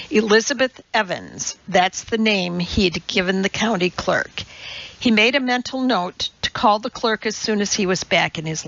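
A woman reading a novel aloud in a measured, unhurried way, voicing the characters herself. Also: mid-range voice, vocal fry, a bit bright. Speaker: audiobook narrator. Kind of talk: audiobook reading with character voices. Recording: dull lo-fi recording.

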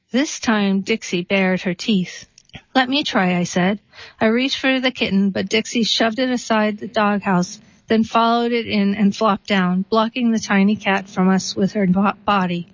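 A woman reading a short story and then a poem aloud, steady and unhurried. The recording is dry and a little dull, as if made close up on a modest microphone. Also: mid-range voice, dry recording. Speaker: reader.

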